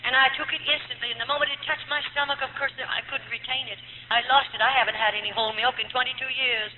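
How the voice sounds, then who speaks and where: A woman's voice: high-pitched, fairly even intonation, fast. A middle-aged woman from the United States telling her life story as a personal testimony, earnest, her voice rising and falling with feeling. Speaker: former nun giving testimony. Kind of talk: emotional personal testimony to an audience. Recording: tinny lo-fi archive tape in an echoey hall, faint hum.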